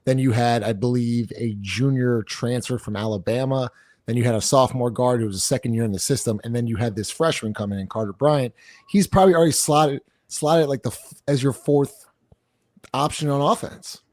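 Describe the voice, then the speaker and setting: A male podcast host with a voice at an ordinary, middle pitch. He talks sports in a casual, laid-back way and lays out his reasoning step by step. His delivery is loose and conversational, with frequent filler words. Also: brisk, no echo, studio quality. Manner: relaxed, explanatory, frequent "uh" and "you know".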